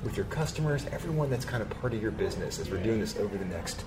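A man's voice: lowish voice, expressive, fast, background noise. A male co-host talking in an enthusiastic, laugh-filled way on a radio show, recorded in a busy store. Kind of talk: upbeat radio show chat. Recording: crowd chatter behind.

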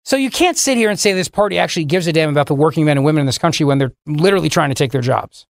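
A man's voice: a little high, animated, very fast, creaky, no echo. A man hosting a political talk radio show, delivering a combative, sarcastic monologue into a studio microphone.

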